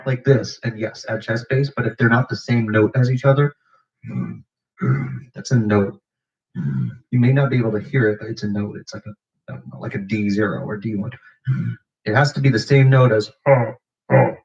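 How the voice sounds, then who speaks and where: A man hosting a livestream vocal tutorial, explaining techniques with lots of fillers and pauses. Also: lowish voice. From United States. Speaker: beatbox channel host. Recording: dull lo-fi stream audio.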